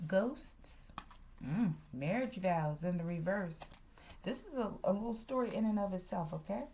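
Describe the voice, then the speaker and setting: A woman's voice: mid-range voice, expressive, unhurried, pauses often, mellow. Woman, tarot reader, casual chat, half-whispered asides, faint background hiss. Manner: chatty, slips into whispers, says "okay" constantly.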